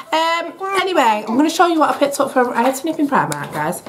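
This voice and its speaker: A woman's voice: high voice, big pitch swings, fast, hardly any pauses, a little hiss or hum. A young woman talking to camera in a family vlog, gushing and sing-song as she coos at her children. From England. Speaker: family vlogger. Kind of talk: casual vlog talk to camera. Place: shops and home.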